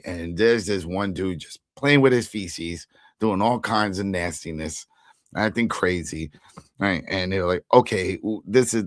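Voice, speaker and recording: A man co-hosting a casual TV recap chat, retelling scenes with animated quoted lines. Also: low voice, no room sound, studio quality. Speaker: podcast co-host.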